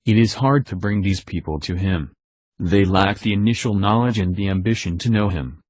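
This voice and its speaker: A man's voice: deep voice, moderate pace, a little mellow, no echo. A synthetic male text-to-speech voice delivering religious narration, robotic in an evenly paced preaching monologue.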